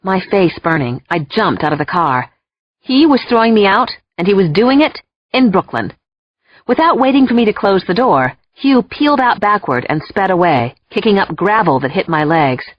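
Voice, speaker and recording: A woman narrating an audiobook in an expressive, emotional first-person storytelling voice. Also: medium pitch, normal speed, no room sound. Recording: dull lo-fi dry recording.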